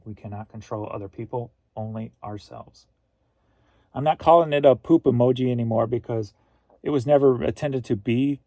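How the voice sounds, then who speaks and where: A man's voice: medium pitch, dark tone, no room sound. A middle-aged man from Missouri hosting a casual livestream, rambling easily and reading viewer comments aloud. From Missouri, USA. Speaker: host.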